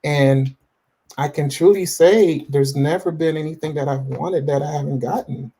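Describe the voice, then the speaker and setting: A man's voice: on the high side, steady tone, moderate pace, dark tone, slightly rough. Confident man telling his faith story. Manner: self-assured, many restarts and fillers. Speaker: guest. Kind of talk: casual interview talk about faith.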